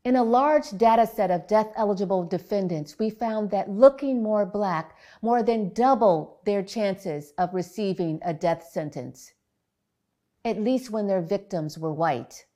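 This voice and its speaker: Woman researcher, public talk, slow deliberate pace, warm mellow tone, earnest. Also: medium pitch. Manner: measured, earnest storytelling.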